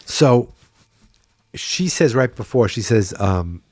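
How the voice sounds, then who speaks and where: A man's voice: mid-range voice, expressive, slow, darkish tone, dry recording, studio quality. A tired man hosting a podcast, chatting wryly and thinking aloud in a casual solo recap. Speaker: podcast host.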